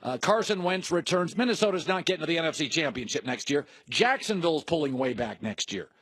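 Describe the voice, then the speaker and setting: A man co-hosting a sports talk show, arguing in an animated, conversational way. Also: on the high side, brisk, dry recording. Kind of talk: heated sports debate.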